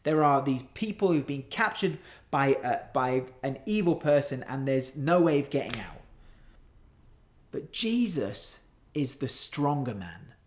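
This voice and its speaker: A male preacher delivers a sermon unhurriedly, his sing-song pitch rising and falling widely as he leans earnestly and emphatically into each point.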